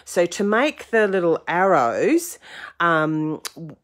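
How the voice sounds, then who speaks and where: Croaky woman, low-pitched, rambling and self-deprecating, hosting a home craft lesson. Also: very animated, takes it slowly. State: croaky, getting over a cold. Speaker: craft tutorial host. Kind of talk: casual craft tutorial.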